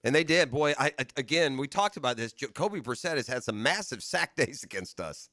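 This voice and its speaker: A man co-hosting a sports radio show, trading quick, agreeable remarks about the game. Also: mid-range voice, animated, sharp tone, no room sound, clean studio sound. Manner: quick, agreeable back-and-forth. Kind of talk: casual sports talk. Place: radio studio.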